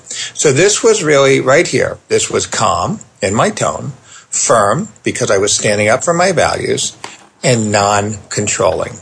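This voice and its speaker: Middle-aged male therapist guest, gravelly and husky, animated storyteller. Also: medium pitch. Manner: animated storyteller, quick asides. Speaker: therapist and parenting author, guest. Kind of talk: conversational storytelling.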